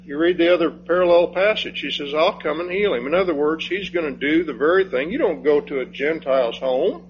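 A man preaching an expository sermon, slow and emphatic, rising on key phrases and dropping low when he reads scripture. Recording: dull lo-fi sound with faint hum.

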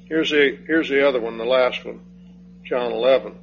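A man delivers an expository sermon slowly and emphatically, his voice rising on key phrases and dropping low whenever he reads scripture. The recording is dull and lo-fi, with a faint hum.

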